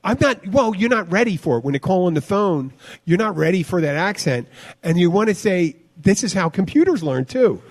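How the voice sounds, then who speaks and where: A man's voice: high-pitched, animated, fairly quick. A man co-hosting a casual podcast chat, rambling and trailing off with fillers. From United States. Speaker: podcast co-host.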